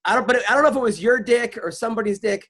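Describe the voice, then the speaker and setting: A man's voice: very high-pitched, rapid-fire, a bit bright. A man hosting a podcast, teasing his guest in casual banter with frequent laughs and restarts. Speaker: podcast host.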